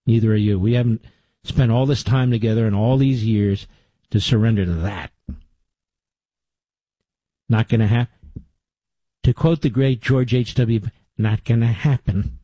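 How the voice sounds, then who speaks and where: A man's voice: fairly low pitch, normal speed, mellow, dry recording. A middle-aged man hosting a talk radio show, delivering a combative, conversational monologue with sarcastic asides into a studio microphone.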